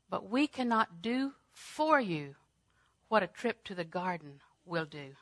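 A woman preaching a sermon, swinging from loud, emphatic declarations to hushed, near-whispered lines, repeating phrases for emphasis. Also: fairly low pitch, very animated, unhurried, dry recording.

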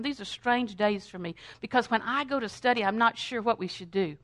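An older woman teaching a Bible lesson in a fervent sermon style, breaking into song and prayer, swinging between loud praise and quiet asides. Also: a little high, brisk, few pauses, dry recording, clean studio sound.

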